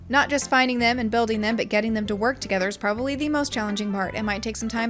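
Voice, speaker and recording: A woman's voice: mid-range voice, fairly bright tone, close to an everyday voice. A woman voicing a shy, bookish teenage girl from a visual novel who hesitates, then speaks like an expert. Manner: stammering then articulate.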